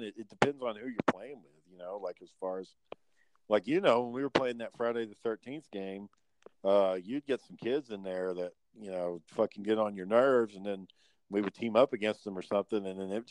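A man's voice: fairly low pitch, normal speed, darkish tone, slight background noise, low-quality recording. A man chatting casually on a podcast, rambling and swearing, with many fillers. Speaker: podcast co-host. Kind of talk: casual chat.

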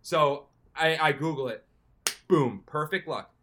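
A young man casually telling a long, animated story as a podcast co-host, often slipping into excited quoted self-talk. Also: fairly high pitch, a little slow, slight background noise.

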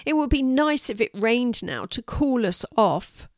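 A woman's voice: medium pitch, very animated, unhurried, darkish tone, dry recording, studio quality. A woman voicing a curious young boy in a children's storybook, complaining and irritable about the heat. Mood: whiny. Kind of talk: storybook reading.

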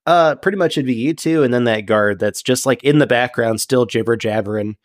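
A man's voice: mid-range voice, fairly quick, no echo, studio quality. A man narrating a tabletop game as game master in a casual, filler-heavy way.

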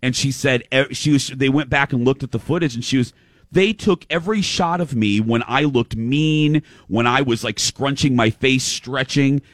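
A man hosting a show in casual chat, telling a story with quick restarts and quoting what others said. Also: medium pitch, dry recording, clean studio sound. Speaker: show host.

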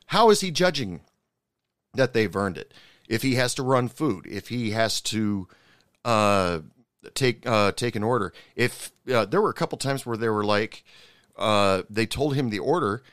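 Rambling man with a smooth, dry voice. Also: medium pitch, fairly bright tone, no echo. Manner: rambling, many fillers and restarts, indignant asides. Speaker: commentator recounting a TV episode. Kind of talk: casual storytelling commentary.

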